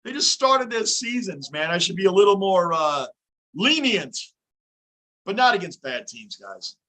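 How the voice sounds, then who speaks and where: A man's voice: high-pitched, very animated, a little slow, bright, forceful tone. A man hosting a live sports reaction stream from his home basement, ranting intensely as a frustrated fan. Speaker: livestream host.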